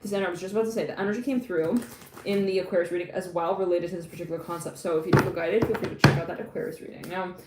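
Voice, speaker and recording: Woman, tarot reader, chatty and excitable, laughs a lot, roomy echo, noisy background. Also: on the low side, rapid-fire. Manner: chatty and excitable, laughs often, slips into quoted voices. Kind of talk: live tarot reading.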